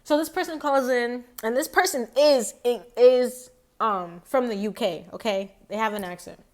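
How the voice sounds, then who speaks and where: Woman tarot reader, higher voice, rambling and chatty, talks straight to her viewers. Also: unhurried. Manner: chatty, rambling, many fillers and restarts. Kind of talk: casual tarot reading vlog.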